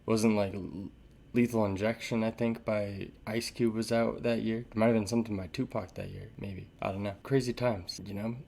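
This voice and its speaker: A man's voice: lowish voice, fairly even intonation, moderate pace, creaky, a little mellow. A man hosting a music reaction, chatting casually and with enthusiasm, rambling and laughing often. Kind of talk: casual album reaction commentary. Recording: music playing in the background.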